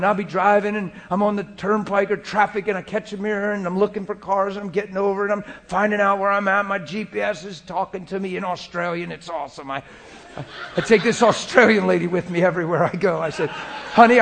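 A man preaching a sermon to a congregation in a conversational way, moving between quiet prayerful passages and playful, laughing stories. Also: sits high, steady tone, fairly quick, vocal fry, a little hiss or hum. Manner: conversational, shifts into soft spoken prayer and playful storytelling. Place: church room before a congregation.

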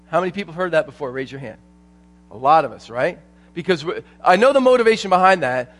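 High-voiced man preaching a sermon. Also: fast. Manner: storytelling, animated, repeats phrases. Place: church conference hall.

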